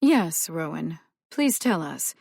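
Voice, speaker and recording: A stern, practical woman who lays down the rules in a firm, lecturing tone, as a female audiobook narrator voices her. Her voice sits fairly low, and the recording is close and dry. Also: very animated, slow, creaky, darkish tone, slightly rough, no room sound, heavily acted. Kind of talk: audiobook character voice.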